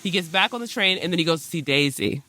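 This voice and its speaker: A man's voice: fairly high pitch, expressive, fast, background noise. A man hosting a podcast, retelling a historical story in casual modern slang and briefly acting out the people in it. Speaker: podcast host.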